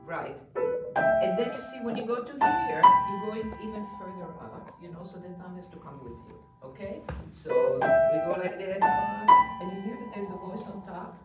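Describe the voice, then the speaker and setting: A woman's voice: mid-range voice, lively intonation, moderate pace. A woman coaching a student at the piano, guiding him step by step and repeating short words of praise. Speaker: piano teacher. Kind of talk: hands-on music coaching. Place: room with a piano. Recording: roomy, distant mic, loud piano.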